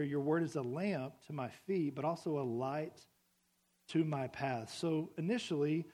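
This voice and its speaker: A man preaching a sermon to a congregation in a church, conversational and full of questions to the room. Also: fairly high pitch. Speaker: pastor.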